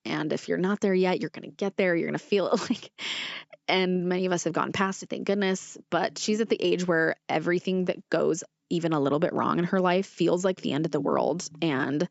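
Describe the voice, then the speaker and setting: A young woman hosts her own podcast in a fairly low voice, earnest and gushing, rambling through her thoughts with plenty of fillers. She sits close to the mic in a dry, slightly dull-sounding recording. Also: fairly quick, vocal fry, no room sound. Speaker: podcast host. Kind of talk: casual solo podcast chat.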